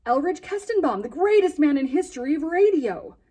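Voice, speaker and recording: Woman voicing an eager fifth-grade boy, high, loud and emphatic, husky, storybook reading. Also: expressive, brisk. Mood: indignant. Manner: urgent, raised and emphatic.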